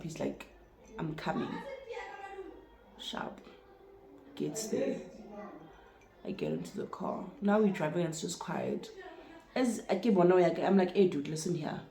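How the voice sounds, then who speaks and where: Young South African woman, Sesotho-tinged English, casual storytime vlogger, low warm voice, roomy sound. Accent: South African, Sesotho-speaking. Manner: animated, swears freely, acts out both sides of the story.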